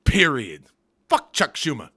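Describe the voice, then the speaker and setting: A man's voice: on the high side, wildly swooping pitch, a little slow, sharp tone, husky. Swearing man ranting angrily. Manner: angry, profane, sarcastic. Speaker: comedy vlogger. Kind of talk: profane comedic rant.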